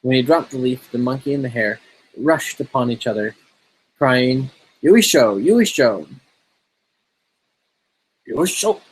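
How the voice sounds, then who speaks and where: A man reads an old fairy tale aloud in a relaxed, steady manner. His voice is breathy and a little husky, at an ordinary middle pitch. It sounds like casual storytelling, not a polished performance. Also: moderate pace, poor audio.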